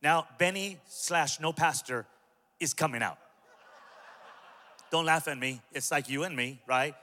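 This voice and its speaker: A male pastor preaching a sermon to a large church, impassioned and humorous, building up to shouts. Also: on the high side, measured pace. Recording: long hall reverb.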